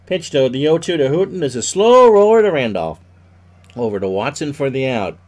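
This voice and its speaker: A man's voice: big pitch swings, normal speed. Stuffy man calling baseball. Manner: rises loudly on hits, drops low for asides. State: stuffy from sneezing. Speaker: play-by-play commentator of a simulated game. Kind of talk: solo play-by-play commentary.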